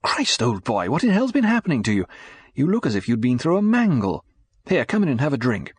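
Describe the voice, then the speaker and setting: A man reading an audiobook, voicing a brisk, chummy middle-aged British station chief with a higher, clipped delivery. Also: wildly swooping pitch, husky, dry recording. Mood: alarmed.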